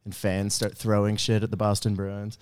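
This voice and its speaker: A man's voice: lowish voice, completely flat delivery, moderate pace, darkish tone, clear, resonant tone, dry recording. A man in a touring band telling a profane anecdote in casual chat. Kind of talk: casual storytelling.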